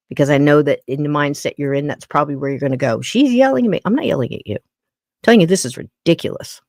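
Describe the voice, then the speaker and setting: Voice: medium pitch, no echo, clean studio sound. A podcast host talking to a live-stream chat in a blunt, emphatic way, repeating points for weight.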